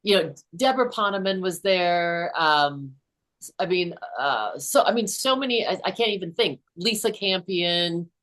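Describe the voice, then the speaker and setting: Low-voiced woman in her sixties, telling a story. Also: expressive, moderate pace, fairly bright tone. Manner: earnest, many restarts and "you know". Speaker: podcast host and author, guest. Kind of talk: storytelling in a casual interview.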